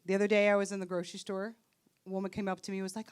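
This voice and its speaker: A woman's voice: mid-range voice, quick pace, clean tone. A woman in her late thirties performing a live stand-up set on a comedy festival stage, delivering punchlines in a wry, sarcastic way.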